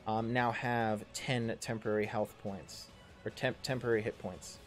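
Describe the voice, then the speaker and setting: A man's voice: fairly low pitch, steady tone, moderate pace, soft background music. Rambling man running a tabletop game. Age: 30s. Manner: rambling, full of ums and self-corrections, swears casually. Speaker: game master and player.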